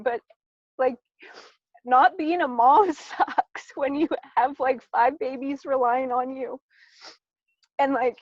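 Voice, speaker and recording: A woman's voice: high-pitched, no echo, highs cut off. A mother in her thirties giving a casual personal testimony, chatty and full of "like", acting out her own past thoughts as she talks.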